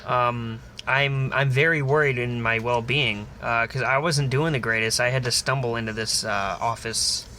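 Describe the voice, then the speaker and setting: A young man co-hosting a podcast, telling an improvised comedic story in a deadpan, playful way. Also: medium pitch, moderate pace, hardly any pauses, slight background noise. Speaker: podcast co-host.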